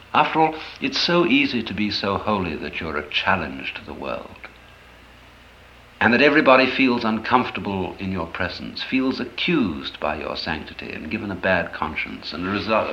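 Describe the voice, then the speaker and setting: A man giving an expressive storytelling lecture, acting out the anecdotes as he goes. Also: lowish voice. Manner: expressive, animated, acts out stories. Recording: roomy, dull old lecture recording.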